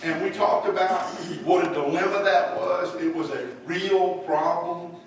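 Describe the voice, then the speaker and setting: A man's voice: high-pitched, steady tone, unhurried. A man teaching a church Bible lesson in a folksy way, putting questions to his class. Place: church room. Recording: echoey room, voice from far off, faint hiss.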